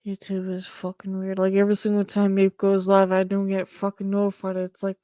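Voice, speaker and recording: A woman's voice: medium pitch, completely flat delivery, fairly quick, hardly any pauses, mellow, no room sound. A woman hosting a casual stream chat, swearing constantly and laughing often. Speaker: host.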